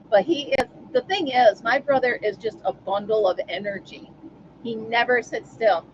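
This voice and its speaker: A woman's voice: on the high side, moderate pace, highs cut off, slight background noise. A woman hosting a casual live stream from home, chatting and answering viewers by name. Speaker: livestream host.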